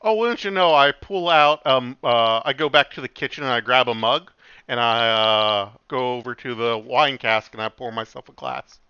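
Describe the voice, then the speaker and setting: Bright, lively man with a lo-fi sound. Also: mid-range voice, normal speed, clear, resonant tone, no echo. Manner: eager, playful in-character declarations. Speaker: player. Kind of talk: casual tabletop play. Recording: slightly dull, lo-fi sound.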